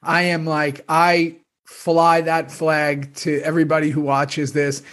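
A man with a slightly raised pitch talks in a casual, rambling way. He gushes and restarts his thoughts often, piling up fillers as he goes. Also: level tone, slow pace. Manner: rambling, warm and effusive, many restarts. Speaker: actor reminiscing with former castmates. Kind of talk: casual chat.

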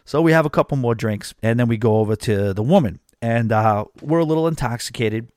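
A man's voice: mid-range voice, fairly quick, dry recording, clean studio sound. Chatty New podcast host, man. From New York. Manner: chatty and animated, with frequent fillers. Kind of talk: casual podcast storytelling.

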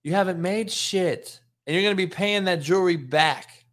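A middle-aged man hosting his show, telling a profane, animated story in a casual monologue. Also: high voice, normal speed. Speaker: host.

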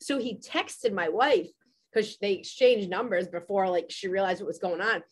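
A woman podcast host telling a story in a casual chat, animated and swearing freely. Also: medium pitch, normal speed, husky.

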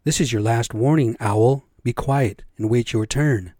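Stern male creator spirit in a storybook, commanding and clipped, mellow low tone, as a man puts him on. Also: fairly even intonation, normal speed, dry recording, clean studio sound, close to an everyday voice.

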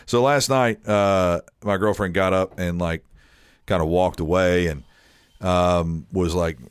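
A man's voice: low-pitched, fairly even intonation, takes it slowly, clear, resonant tone, no echo. A young man rambling through an awkward story, full of filler words. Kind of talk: casual chat.

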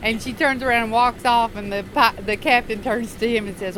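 A woman flight attendant telling a story and acting out the voices, deadpan. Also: on the high side, a little fast, few pauses. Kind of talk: casual storytelling. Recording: audible background noise.

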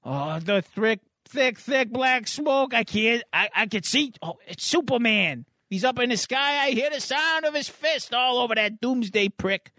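A panicked teenage boy trapped in a burning house, pleading for rescue, as a man puts him on. The voice is pitched well above the man's own and climbs even higher when he cries out. It sounds close and dry. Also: unhurried, few pauses, dry recording, full character voice. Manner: frantic, pleading, high and strained.

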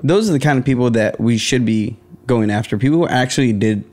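A man co-hosting a casual podcast, joking around and tossing in asides and quick reactions. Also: mid-range voice, darkish tone, a little hiss or hum. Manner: joking, interjecting, giggly asides. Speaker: podcast co-host. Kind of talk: casual banter.

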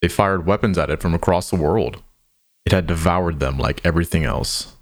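A man narrating an audio drama with a low, deep voice. His delivery is measured and somber, taking his time over each line.

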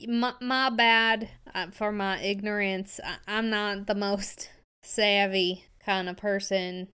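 A woman taking part in a tabletop game, often stammering and hedging with apologies. Her voice is mid-pitched and notably smooth and clear. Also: fairly even intonation, slow pace, bright, forceful tone.

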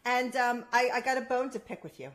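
Animated teasing woman co-host. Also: on the high side, fairly quick. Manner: playful teasing, animated storytelling with laughs. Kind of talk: casual chat.

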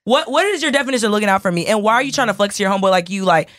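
Animated woman telling a story. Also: medium pitch, racing, no echo, clean studio sound. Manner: animated storyteller, acts out quoted dialogue. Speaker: podcast co-host. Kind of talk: casual chat, storytelling.

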